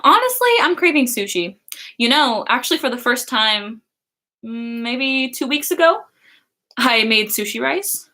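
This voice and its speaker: A woman's voice: on the high side, sing-song, unhurried, pushed and bright. A young woman chatting casually on a livestream, reading chat and laughing often. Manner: giggly, chatty, many fillers.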